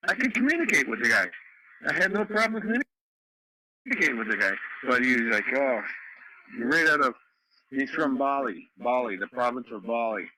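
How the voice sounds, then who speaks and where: A man's voice: mid-range voice, very animated, moderate pace, a crowd in the background, rough recording. A man from Canada telling rambling stories in a casual chat over a radio net, full of fillers and restarts. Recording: radio audio with faint noise.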